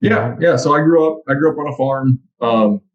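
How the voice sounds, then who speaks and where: A man being interviewed on a podcast, explaining his background as a trade instructor in a relaxed, matter-of-fact way. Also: mid-range voice, normal speed, lo-fi sound. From Texas. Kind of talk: conversational interview.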